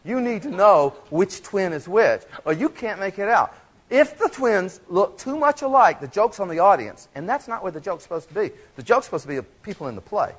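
Animated man giving a stage talk. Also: high-pitched, a little fast. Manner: animated, chatty, many restarts. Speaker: theater speaker leading a stage demonstration. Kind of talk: lively lecture with audience volunteers. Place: stage before a live audience.

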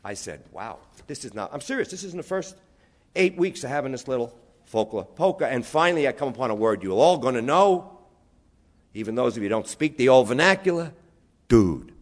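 A man with a New York accent telling animated stories to an audience, spelling out words and acting out his family's voices. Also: medium pitch, a little fast. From New York, USA. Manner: lively, spells words out, acts out relatives' voices. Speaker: storyteller speaking to an audience. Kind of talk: animated storytelling talk.

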